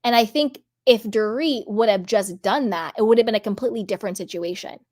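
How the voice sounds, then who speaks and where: A woman's voice: medium pitch, fairly quick, darkish tone. A woman hosting a reality TV commentary vlog, speaking earnestly and candidly and stretching out the words she wants to stress. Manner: candid, personal storytelling. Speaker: vlog host.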